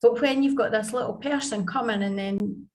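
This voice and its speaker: A woman's voice: fairly high pitch, moderate pace. A woman, telling parenting stories in a chatty, anecdotal way on a video call. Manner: chatty, anecdotal, acts out family dialogue. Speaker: podcast guest, parenting coach. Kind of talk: conversational interview.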